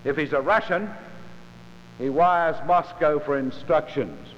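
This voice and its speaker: A man preaching a sermon in a measured, emphatic way, with dramatic pauses between phrases. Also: fairly high pitch, a little hiss or hum. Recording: lo-fi recording in a large reverberant hall.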